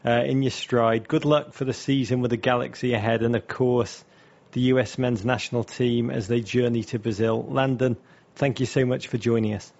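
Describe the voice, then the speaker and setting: A man co-hosting a podcast, chatting with wry, quick-witted banter. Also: mid-range voice, fairly even intonation, vocal fry, darkish tone, highs cut off. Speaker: podcast co-host. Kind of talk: casual chat.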